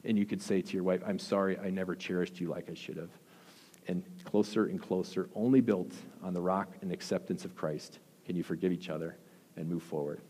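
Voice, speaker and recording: A man preaching a sermon as pastor, earnest, with emphatic rises and soft, intense drops. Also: sits low, fairly even intonation, a little fast, breathy edge. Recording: long hall reverb.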